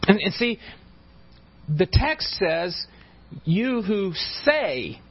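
A man with a husky, somewhat high voice delivers an emphatic sermon. He keeps tripping over words and repeating himself before pressing on. The recording is dull and lo-fi, like church audio. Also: sing-song, drawn-out words. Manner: emphatic preaching with frequent stumbles and repeated words. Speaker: pastor.

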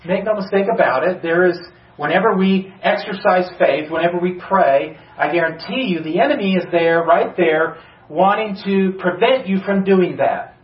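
A high-voiced male pastor preaches at normal speed in a church sanctuary. Earnest throughout, he drives toward urgent emphasis with rhetorical questions, and the recording is roomy, distant and a little dull.

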